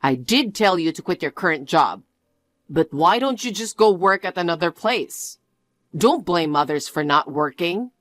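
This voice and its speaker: A woman's voice: on the low side, expressive, a little slow, no room sound. A woman voicing a defensive, demanding young man out of work, read as a storybook. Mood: annoyed. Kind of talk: storybook narration.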